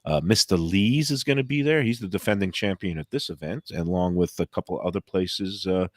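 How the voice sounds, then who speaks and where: A man's voice: deep voice, fairly quick, dry recording. A man from Brooklyn hosting a radio show, chatting casually and easygoingly about food and local events in a studio. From Brooklyn, New York.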